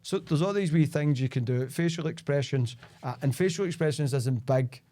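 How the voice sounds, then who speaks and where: A man's voice: fairly high pitch, normal speed, mellow, dry recording. A middle-aged Scottish man, a sales expert guest, talking in a casual podcast conversation and telling stories full of "like" and "right?". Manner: chatty storyteller, peppered with "like" and "right?".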